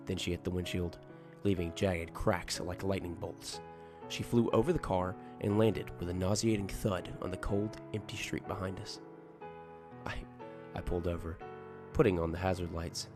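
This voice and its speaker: A man reading a horror story aloud as a scripted narration, tense and dramatic. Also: sits low. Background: music.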